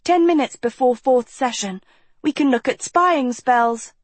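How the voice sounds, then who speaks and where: Woman doing a storybook schoolgirl, high pitch, coaxing lilt, sweet, dry sound. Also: measured pace, no echo. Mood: eager. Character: young girl student, sweet and eager.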